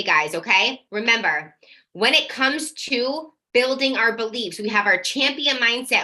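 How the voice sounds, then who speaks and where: With a mid-range voice, a woman coaches parents live, talking energetically and getting straight to the point. She swears in a casual way and at times acts out the worried questions parents bring her.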